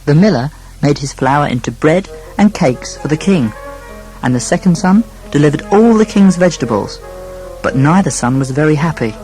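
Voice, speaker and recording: A man narrating a children's storybook, speaking gently to a young listener. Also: on the high side, expressive, normal speed, soft background music, rough recording.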